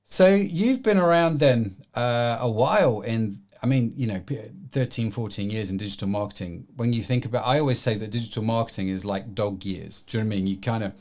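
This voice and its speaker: A man's voice: on the low side, a little mellow. A man hosting an e-commerce podcast, who talks in a chatty, rambling way full of fillers and restarts. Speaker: podcast host. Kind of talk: podcast interview.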